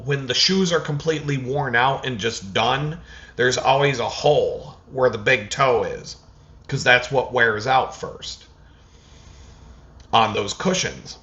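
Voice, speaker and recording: A man rants through a story in a casual vlog, swearing freely and slipping into quick impressions of the people involved. His voice is bright and forceful, and the recording sounds slightly dull and lo-fi. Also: mid-range voice. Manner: profane, animated storytelling with acted-out quotes. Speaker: vlogger.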